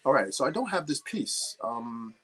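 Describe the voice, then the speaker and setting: A man's voice: medium pitch, sing-song, normal speed. A young man from New Jersey hosting a casual livestream, chatting with viewers and telling rambling stories while he builds. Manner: rambling anecdotal storyteller, chats with viewers. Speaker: livestream host.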